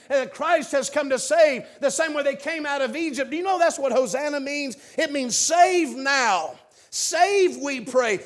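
A man preaching a fervent revival sermon in church, swinging between hushed asides and shouted appeals. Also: high voice.

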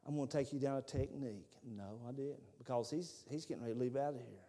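A man's voice: medium pitch, fast, warm tone. A man, preaching a sermon as a fervent storyteller. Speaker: pastor.

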